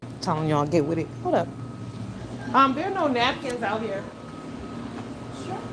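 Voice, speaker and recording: A woman's voice: a little high, big pitch swings, moderate pace. A woman hosting a casual live stream from her car, chatting bluntly with profanity and greeting viewers by name. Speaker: livestream host. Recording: car noise in background.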